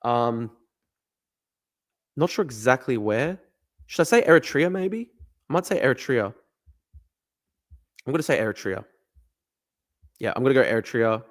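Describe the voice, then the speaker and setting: A man streaming a guessing game, thinking aloud, swearing and getting excited. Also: high voice, brisk, long pauses. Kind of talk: live-stream commentary while playing a guessing game.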